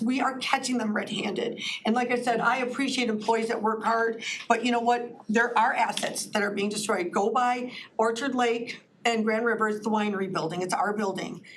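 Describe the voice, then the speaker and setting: A woman's voice: fairly high pitch, far from the mic, a little hiss or hum, poor audio. A woman speaking during public comment at a county board meeting, impassioned and pleading, rambling with restarts.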